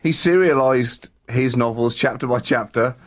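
A man co-hosting a podcast chats casually at a moderate pace in a medium-pitched voice. His speech rambles and hesitates, full of fillers.

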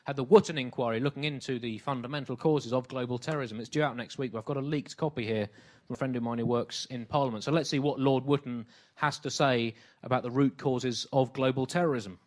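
A man performing deadpan satirical comedy, with a faux-serious tone and hesitant fillers. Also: medium pitch, fast. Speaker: comedy double act partner.

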